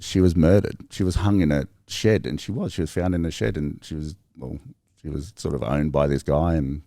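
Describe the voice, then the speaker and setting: A man with an Australian accent, telling stories in a casual podcast chat, rambling and animated with lots of fillers. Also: extremely low pitch, fairly quick, gravelly, no echo, studio quality.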